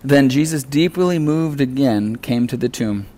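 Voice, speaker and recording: A male pastor preaching a sermon in a relaxed, conversational way, earnest and often acting out the lines he quotes. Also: mid-range voice, unhurried.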